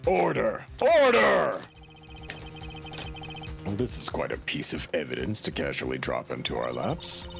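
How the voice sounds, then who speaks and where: A man voicing a stern older male courtroom judge in a grave, low delivery, reading game lines on a stream. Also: expressive, fairly quick, few pauses, over music. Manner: grave, deep-dropping delivery.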